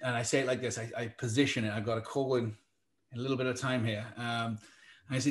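A man presenting a virtual hiring workshop from his home office over a video call, chatty and energetic, with many fillers and restarts. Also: mid-range voice, quick pace. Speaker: talent strategy speaker.

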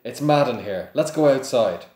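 A man's voice: mid-range voice, animated, moderate pace, darkish tone, roomy sound, voice pushed up, natural voice. A man reading aloud voices a flustered, indignant middle-aged father.

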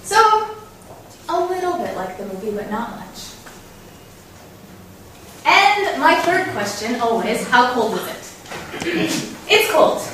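A woman's voice: high-pitched, big pitch swings, takes it slowly, pauses often, a bit bright, slight background noise. A young woman from North Dakota giving a casual talk to an audience, chatty, often asking questions and laughing. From North Dakota, USA. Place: lecture room with audience. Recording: echoey hall, mic at a distance.

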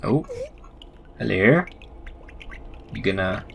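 A man's voice: on the low side, animated, slow, vocal fry, background noise. A young man doing let's play commentary on a game, asking puzzled running questions and reading the characters' lines aloud. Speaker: gaming YouTuber.

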